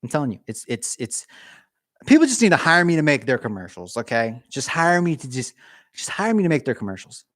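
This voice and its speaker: A male streamer talks loosely to his viewers, rambling from one joke to the next and poking fun at himself. He is cold and sits in a garage, and his mid-pitched voice sounds close and dry, with no room echo. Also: sing-song, brisk. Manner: rambling, jokey, self-mocking. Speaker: livestreamer. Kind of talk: casual livestream chat. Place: home garage.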